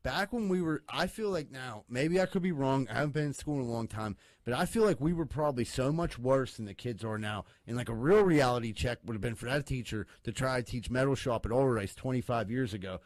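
A man's voice: mid-range voice, brisk, hardly any pauses, a little mellow, no room sound. A man in casual chat, telling stories in a rambling way full of fillers. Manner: rambling, filler-heavy storytelling.

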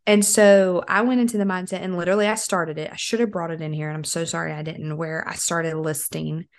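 Animated young woman podcast co-host. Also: fairly low pitch, brisk. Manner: animated, laughing storyteller. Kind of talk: casual chat.

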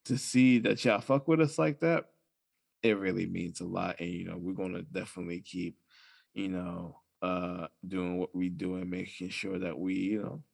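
A man's voice: low voice, steady tone, moderate pace, creaky. A young man co-hosting a casual podcast, talking in a loose, profane way and laughing through his stories. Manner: laid-back, profane, laughs while telling stories. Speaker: podcast co-host. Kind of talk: casual chat.

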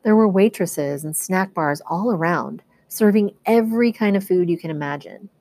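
A woman teacher reads a novel aloud in a lowish, even storytelling voice. She carries the first-person narration steadily from line to line. The sound is dry, close and free of room echo. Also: normal speed. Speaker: teacher reading to students.

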